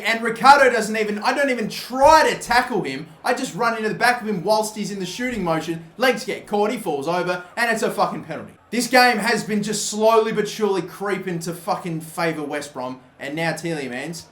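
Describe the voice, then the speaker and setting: A young man giving live commentary over a football video game, swearing freely and shouting at big moments. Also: a little high, expressive, fairly quick, reverberant, a little hiss or hum. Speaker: gaming commentator.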